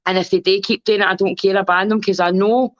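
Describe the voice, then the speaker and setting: A woman's voice: mid-range voice, fairly even intonation, fast, no echo. Rambling candid Scottish woman, lo-fi sound. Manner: rambling, candid, swears freely. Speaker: podcast guest. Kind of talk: casual chat. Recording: dull lo-fi recording.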